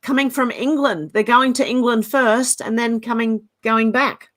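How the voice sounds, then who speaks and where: A woman hosting a casual online call-in show. She agrees readily and laughs easily as she chats with callers. Her voice sits a little high. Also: unhurried, a bit bright. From Australia. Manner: friendly, agreeable, laughs often. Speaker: host.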